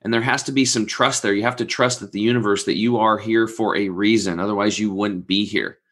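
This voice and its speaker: A man in his forties with a bright, forceful tone tells a rambling personal story in a casual chat. He animates it by acting out the people he quotes, and drops casual swearing along the way. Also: fairly low pitch, steady tone, fairly quick. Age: 40s. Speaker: guest telling a story.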